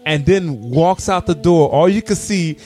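A man, a shop owner telling animated stories in casual conversation, stumbling and restarting often. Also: a little high, a little slow, soft background music. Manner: animated anecdotes with repeated restarts. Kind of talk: casual storytelling.

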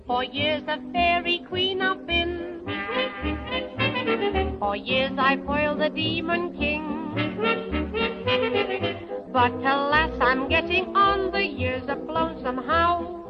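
A woman's voice: high-pitched, slow, pauses often. A woman singing a comic music hall number as a wry, aging fairy queen, chuckling between lines. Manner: bright sung music hall delivery with chuckles. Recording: old dull record with loud band.

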